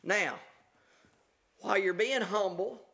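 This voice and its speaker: Slow, creaky and forceful, the pastor's bright male voice sits high as he preaches in a conversational style. Scripture is read aloud, then explained with plenty of fillers and restarted sentences.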